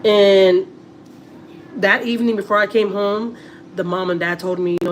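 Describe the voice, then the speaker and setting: Middle-aged texan mom rambling on a live stream, lots of like and you know, bit of hiss behind. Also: female voice, mid-range voice, normal speed, pauses often. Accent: Texas. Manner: chatty, repeats words, many fillers. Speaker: vlogger on a family livestream. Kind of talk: casual livestream chat to viewers.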